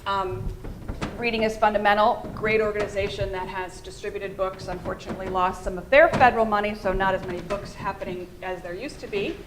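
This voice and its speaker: A middle-aged American woman gives a talk on fundraising, often turning to her listeners with questions. Her voice sits at an ordinary middle pitch, and a clear hiss of background noise runs under the recording. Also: steady tone, fairly quick. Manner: engaging, addresses the audience with questions. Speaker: fundraising communications consultant. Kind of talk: conference presentation. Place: presentation room.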